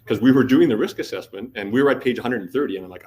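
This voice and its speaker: A man's voice: medium pitch, racing, warm tone. A middle-aged man, giving a conference talk as a casual storyteller who acts out the quotes and swears freely. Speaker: conference speaker. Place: conference hall.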